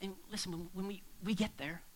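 A male pastor preaching a sermon to a congregation, swinging between hushed asides and near shouts. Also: high-pitched, steady tone, a little fast, low-quality recording. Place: church hall with a congregation.

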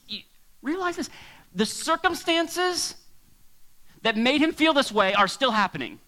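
A male pastor preaching a sermon to a congregation, swinging between hushed asides and near shouts. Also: very high-pitched, wildly swooping pitch, moderate pace, low-quality recording. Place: church hall with a congregation.

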